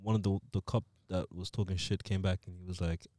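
A man's voice: sits low, fairly even intonation, fairly quick, a little mellow, no room sound, clean studio sound. A young man with an Australian accent, chatting casually, blunt and full of slang. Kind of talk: casual chat.

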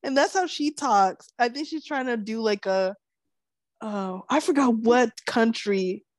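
A woman's voice: fairly high pitch, measured pace, no room sound. A woman co-hosting a podcast in casual chat, giggly and laughing often. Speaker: podcast co-host.

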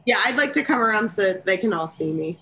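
A woman's voice: medium pitch, lively intonation, fast talker, echoey room, noisy background. A woman playing a tabletop game, talking earnestly about her character's actions. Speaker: player.

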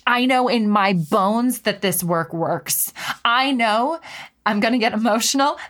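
A woman's voice: fairly high pitch, expressive, unhurried, a bit bright. A woman in her thirties hosting a solo podcast, talking earnestly and passionately, often repeating phrases for emphasis. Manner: earnest, impassioned, emphatic repetition. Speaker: podcast host and life coach.

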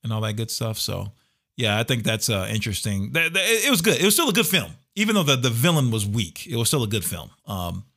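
A middle-aged man co-hosting a casual podcast chat, animated and quick to laugh, often trailing off into fillers. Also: mid-range voice, creaky. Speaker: podcast co-host.

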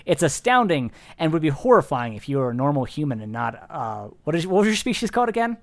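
A man narrating as game master with playful, deadpan descriptions. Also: fairly high pitch, fast talker.

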